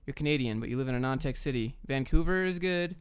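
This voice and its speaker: A young man answering viewer chat questions on a live stream, giving quick, blunt, offhand answers. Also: mid-range voice, animated, clear, resonant tone, no echo, studio quality. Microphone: camera and desk mic.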